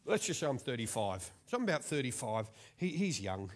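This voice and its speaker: Lively preacher telling stories. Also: male voice, mid-range voice, fairly quick. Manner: chatty and self-mocking, acts out the voices in his stories. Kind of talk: storytelling sermon.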